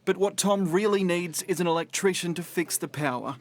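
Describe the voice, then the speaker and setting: Male reporter, gentle narration. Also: high voice, fairly quick, dry recording. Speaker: news reporter. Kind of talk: news report voice-over.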